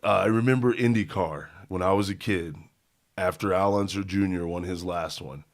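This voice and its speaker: A man's voice: deep voice, moderate pace. A man co-hosting a casual sports podcast, telling stories with animation and frequent laughter. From Indiana. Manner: animated storyteller who laughs often. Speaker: podcast co-host.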